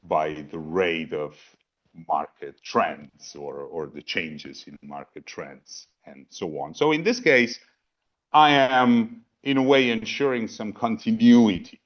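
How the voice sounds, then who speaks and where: Low-voiced man on a muffled call. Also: slow. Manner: thinking aloud, repeats words, many asides. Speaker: panel presenter. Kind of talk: philosophy talk in a virtual program. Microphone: video call. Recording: dull lo-fi video call audio.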